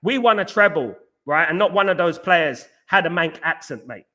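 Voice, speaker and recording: Reading out comments on his football fan livestream, a London man chats casually at normal speed, expressive but rambling, repeating himself with plenty of fillers and false starts. The voice is bright, forceful and a touch high for a man, with a combative edge when he pushes back.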